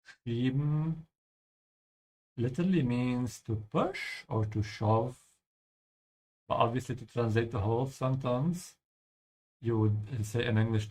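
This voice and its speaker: A man's voice: medium pitch, slow pace, pauses often, a little mellow. A man teaching German while playing a game, explaining patiently and ending his points with "yeah?". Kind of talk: language lesson over gameplay.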